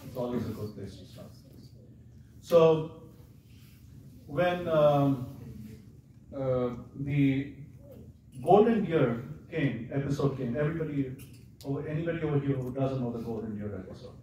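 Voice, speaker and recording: A man tells a devotional story to a seated crowd, relaxed and chatty, stopping often to check that his listeners follow. He sounds distant from the microphone, and the hall rings with heavy echo. A steady background noise runs underneath. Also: medium pitch, measured pace, pauses often. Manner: conversational, keeps checking with the audience. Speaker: visiting lecturer. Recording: echoey hall, far from the mic, audible noise.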